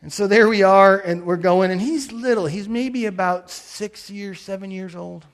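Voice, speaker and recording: A man's voice: high-pitched, normal speed. A middle-aged man preaching a sermon, earnest and telling a personal story as a pastor. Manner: earnest storytelling with quoted blessings.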